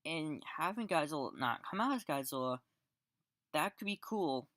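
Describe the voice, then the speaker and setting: A man's voice: a little high, lively intonation, moderate pace, a bit bright, no echo, clean studio sound. A man giving a casual spoken film review, rambling with restarts and fillers and sarcastic, exasperated asides. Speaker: movie reviewer.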